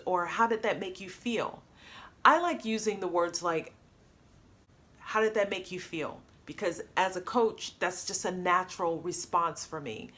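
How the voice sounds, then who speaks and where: An upbeat woman coach talks straight to her audience in a lively, friendly way. She often acts out example phrases to show how they should sound. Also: mid-range voice. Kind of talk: coaching talk to camera.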